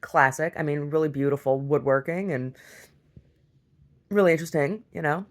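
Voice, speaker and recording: A woman's voice: deep voice, moderate pace. A middle-aged woman telling a rambling story in a casual video diary, laughing often and acting out the people she quotes. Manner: laughs often, acts out quoted voices, many restarts.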